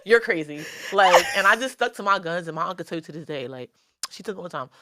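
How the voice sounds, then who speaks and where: A young woman from the Bronx with a New York accent, a rapper, chats animatedly in a casual interview, slangy and swearing freely. Her voice is lowish, expressive and fast, with background noise.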